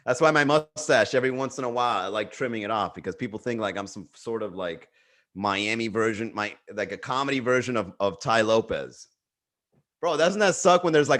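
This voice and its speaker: Man host, casual profane ranting on a home livestream, mid-pitched voice. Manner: animated, profane ranting, reads chat aloud.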